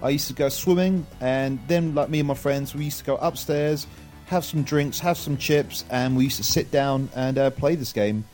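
A man's voice: medium pitch, moderate pace, a little mellow, faint music behind. A man co-hosting a casual podcast about retro games, upbeat and steering the talk. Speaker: podcast co-host. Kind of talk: casual retro gaming chat.

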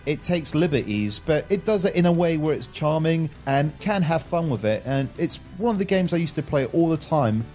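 A man's voice: fairly high pitch, expressive, moderate pace, hardly any pauses, a little mellow, soft background music. A man co-hosting a casual podcast about retro games, upbeat and steering the talk. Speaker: podcast co-host. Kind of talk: casual retro gaming chat.

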